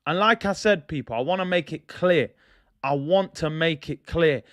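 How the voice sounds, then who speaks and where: A man's voice: fairly high pitch, normal speed. A young man hosting a fan channel, ranting in casual slangy commentary. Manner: animated, slangy, ranting with laughs. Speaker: football fan channel host.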